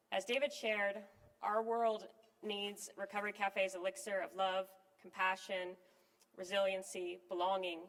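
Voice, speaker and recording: A woman gives a prepared fundraising appeal at an event, her delivery measured and earnest. Her voice sits at an ordinary middle pitch. A long hall reverb trails after each phrase. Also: fairly bright tone. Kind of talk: scripted fundraising speech. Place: event venue with live and online audience.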